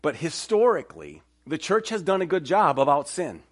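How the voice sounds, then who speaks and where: A man's voice: on the high side, very animated, normal speed. A man preaching a sermon in church as pastor, telling stories and acting out the voices he quotes.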